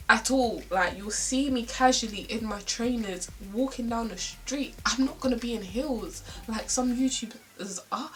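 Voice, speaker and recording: A woman's voice: mid-range voice, fairly bright tone, distant mic, low-quality recording. A young woman from South London with a South London accent, chatting casually in a get-ready-with-me vlog, ranting with slang and lots of "like". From South London, England. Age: young adult. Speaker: beauty vlogger.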